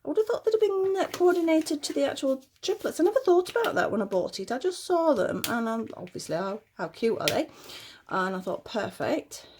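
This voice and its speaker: Against a noisy background, a woman with a high-pitched, very animated voice talks fairly quickly while unboxing little dolls at home. A doll collector, she chats casually to camera, cooing over the tiny details and a bit out of breath.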